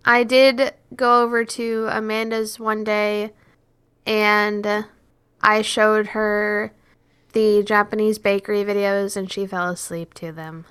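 A woman's voice: mid-range voice, level tone, slow pace, fairly bright tone, smooth, no echo. A woman co-hosting a podcast in casual chat, laid-back and a little sleepy. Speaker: podcast co-host.

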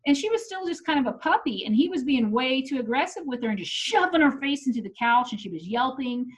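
A woman's voice: high voice, fast talker. A middle-aged woman telling a personal story in casual chat, swearing freely and acting out what people said. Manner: animated, profane, acts out quotes. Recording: muffled lo-fi audio.

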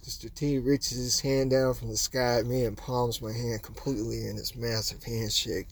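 Guy telling a story about his past, quiet low-key voice, middle pitch. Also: level tone, normal speed, few pauses. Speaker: narrator telling a personal story.

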